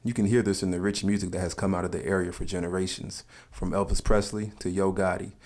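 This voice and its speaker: A man's voice: low-pitched, a little mellow. A man from the South, narrating an informal explainer in a chatty, opinionated way. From Southern United States. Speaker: video narrator.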